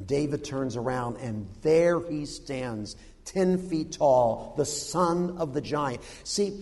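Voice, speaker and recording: A man preaching a sermon, telling a story in an animated, humorous way with dramatic pauses. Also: mid-range voice. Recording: long hall reverb.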